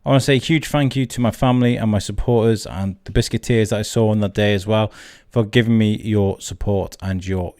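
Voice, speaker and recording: A man's voice: on the low side, fairly even intonation, fairly quick, hardly any pauses, clean tone, no echo, studio quality. Chatty podcast host man. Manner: chatty, friendly, lots of ums. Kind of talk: casual interview hosting. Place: outdoor event with music behind. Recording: outdoor event with loud music behind. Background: live music.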